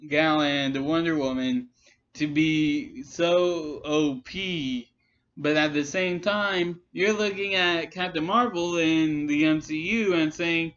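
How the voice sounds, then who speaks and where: A man's voice: a little high, slow pace, a bit bright. A man giving casual rebuttal commentary, arguing with critics and addressing them directly. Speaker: commentary vlogger. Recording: slightly muffled lo-fi recording.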